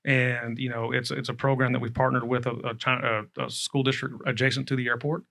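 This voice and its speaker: Man, airport director; gravelly, flat delivery, rambling panel talk. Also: medium pitch, fairly quick. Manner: rambling, many fillers. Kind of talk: panel discussion.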